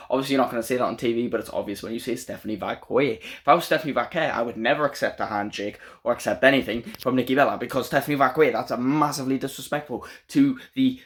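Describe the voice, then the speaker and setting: A man's voice: mid-range voice, fast talker, few pauses. A man giving a casual, opinionated spoken review of a wrestling show. He rants freely and talks with frequent fillers.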